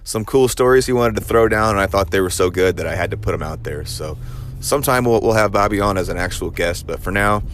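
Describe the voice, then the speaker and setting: A man's voice: deep voice, fast, slight background noise. A male podcast host giving an easygoing spoken introduction.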